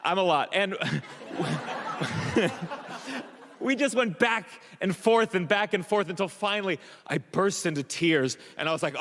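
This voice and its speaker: A man doing a stand-up comedy set, telling an animated story full of stammers and restarts, acting out the voices of the people in it. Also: high-pitched, measured pace, long pauses, big-room sound. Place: comedy club stage. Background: audience laughter.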